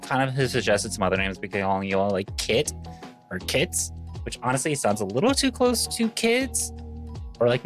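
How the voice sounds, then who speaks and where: A young adult woman from Missouri, a VTuber streamer rambling playfully through casual commentary on memes. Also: very deep voice. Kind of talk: casual meme-reaction commentary.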